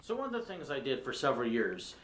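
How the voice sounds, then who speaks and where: A man's voice: mid-range voice, huge pitch swings, fast talker, background noise. A man hosting a live chat, talking casually and joking while answering viewers and telling work stories. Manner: chatty, laughs easily, jokey. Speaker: host. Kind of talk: live reaction chat and storytelling.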